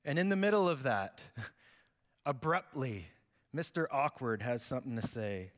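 A man's voice: medium pitch, lively intonation, a little slow. A man preaching a sermon as pastor, conversational and joking, acting out the quotes he reads. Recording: long hall reverb.

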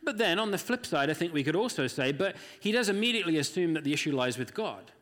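A man preaching in a slightly high voice, earnest and conversational, slipping into the voices of the people he quotes. His voice carries a long reverb, as if he were speaking in a large hall. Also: big pitch swings, quick pace, fairly bright tone. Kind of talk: sermon.

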